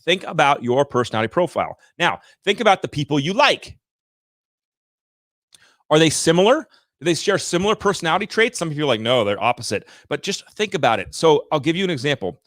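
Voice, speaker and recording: A fairly high-voiced man in his thirties coaching viewers about sales on a livestream. He talks in an energetic, emphatic rant and addresses the audience directly. The recording is dry and close, with no room sound. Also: brisk, dry recording. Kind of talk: motivational livestream talk.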